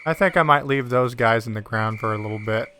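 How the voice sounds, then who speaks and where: Bright, excitable male game streamer. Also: mid-range voice, a little fast, slight background noise. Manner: excitable, whoops and yells at wins; sarcastic, swears casually. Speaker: gaming livestreamer. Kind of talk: live gameplay commentary.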